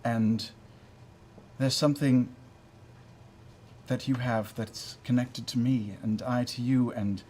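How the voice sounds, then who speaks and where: A man's voice: mid-range voice, fairly even intonation, slow pace, long pauses, a little mellow, slight background noise, close to an everyday voice. A man playing a sentimental scoundrel bard. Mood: remorseful. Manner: earnest heartfelt speech, self-mocking. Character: roguish middle-aged bard, sentimental scoundrel father.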